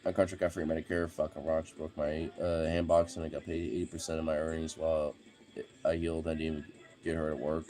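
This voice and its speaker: A man's voice: extremely low pitch, monotone, fast talker, mellow, soft background music. A man talking in a casual, rambling monologue, swearing often and getting heated, with lots of "you know" fillers. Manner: profane, heated ranting with frequent fillers.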